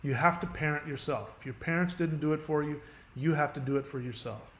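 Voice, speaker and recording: A man's voice: a little high, fairly quick, fairly bright tone, echoey room, a little hiss or hum. A middle-aged man talking casually and rambling through an advice monologue, often restarting his sentences and using many "you know"s. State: has a headache. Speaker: channel host giving advice.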